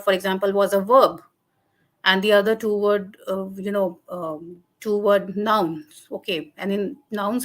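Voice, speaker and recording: Woman, Indian English accent, guest lecturer taking Q&A on a video call; patient and explanatory, with frequent fillers and self-corrections. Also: medium pitch. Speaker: webinar guest speaker on linguistics. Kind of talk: answering audience questions in a webinar.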